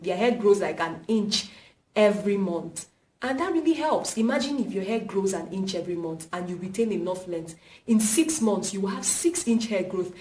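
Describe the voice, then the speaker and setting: Emphatic Nigerian woman in an echoey room. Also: fairly low pitch. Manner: emphatic, repeats points for stress. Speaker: vlogger. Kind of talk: casual hair-care vlog. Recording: roomy echo, mic at a distance.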